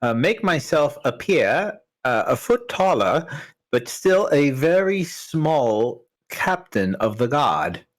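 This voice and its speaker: A man's voice: medium pitch, big pitch swings. A man playing in a tabletop game, playful and laughing along. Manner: slow, playful, laughs often. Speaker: player. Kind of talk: casual tabletop play.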